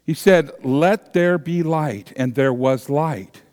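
A man preaching a sermon at a slow, deliberate pace. His voice rings out with a long church reverb around it. He speaks earnestly and lifts into animated emphasis. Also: on the high side. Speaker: pastor. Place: large church sanctuary.

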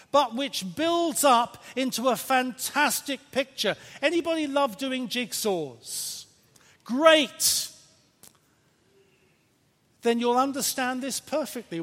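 A man preaching a sermon in a church, lively and playful, with emphatic points and questions to the congregation. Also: very high-pitched. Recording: reverberant church hall.

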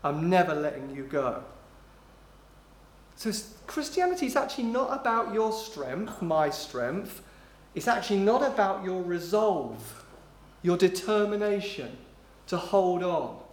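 A man preaching a sermon in an emphatic way, slowing down on key phrases and dropping low and quiet when he quotes. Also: very animated. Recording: roomy echo.

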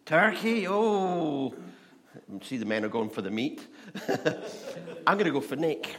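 A man's voice: fairly high pitch, big pitch swings, measured pace, long pauses, crowd noise. A man from Scotland, preaching a chatty sermon full of stories and questions to the audience. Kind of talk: sermon with humorous storytelling.

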